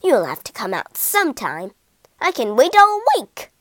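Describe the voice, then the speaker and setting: A hot-tempered storybook tomcat who hates getting wet, squealing and shouting with loud indignation, as a woman puts him on. His lines swing widely in pitch. The sound is close and dry. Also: huge pitch swings, unhurried, no echo, full character voice. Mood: menacing. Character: male cat, fussy and hot-tempered, hates water.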